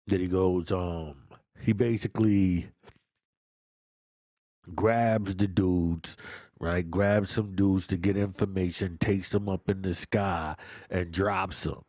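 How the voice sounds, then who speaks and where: A man's voice: sits low, steady tone, slow pace, darkish tone, no echo, clean studio sound. A man casually reviewing a movie, with a loose, slangy way of talking, repeating himself and often laughing. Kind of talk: casual chat.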